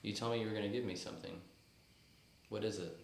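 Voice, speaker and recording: A man's voice: fairly low pitch, fast talker, gravelly. A young man hosting a podcast in casual, joking chat, teasing his guest and laughing easily. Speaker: podcast host. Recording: echoey room, faint background noise.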